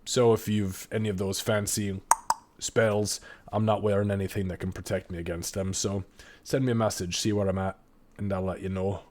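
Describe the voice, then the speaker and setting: A chatty, businesslike dwarf trader, as a man puts him on with a low voice. He talks earnestly and hesitates with little fillers. This is a tabletop game voice. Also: little pitch movement, moderate pace, a little mellow, a little hiss or hum, natural voice. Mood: friendly.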